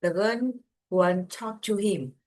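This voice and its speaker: A woman's voice: mid-range voice, takes it slowly, darkish tone. A woman answering an English teacher's drill questions with short, careful answers and some hesitation. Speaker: English student.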